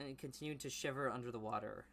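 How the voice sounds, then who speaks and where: A young man reading his old teenage story aloud in a low mumble, then breaking off into loud, mocking commentary. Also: fast, creaky. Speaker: YouTuber reading his childhood writing.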